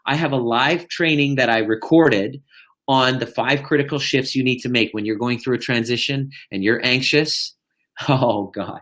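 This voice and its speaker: A man coaching live on a stream, talking in an animated, profane way that swings between loud and hushed. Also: mid-range voice, a little slow. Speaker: life coach. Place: indoors, live video.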